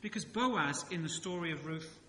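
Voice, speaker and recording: Male pastor, sermon delivery, bright voice sitting a bit high, relaxed asides and rhetorical questions, church hall reverb. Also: moderate pace, a little hiss or hum. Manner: conversational preaching with rhetorical questions and humorous asides. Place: church sanctuary.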